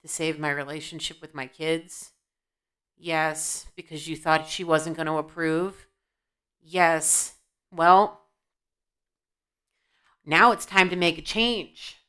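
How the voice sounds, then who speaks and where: A woman's voice: sits low, fairly even intonation, slow pace, pauses often, pushed and bright, clear, resonant tone. A woman giving an intuitive spiritual reading at home, blunt and scolding, asking her guides questions and answering herself. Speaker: intuitive reader. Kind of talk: tarot-style spiritual reading to camera. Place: home, indoors.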